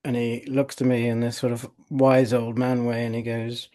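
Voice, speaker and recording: A middle-aged male osteopath recounting patient cases in a relaxed podcast conversation, full of fillers like "you know". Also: mid-range voice, moderate pace. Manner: conversational storytelling with frequent fillers.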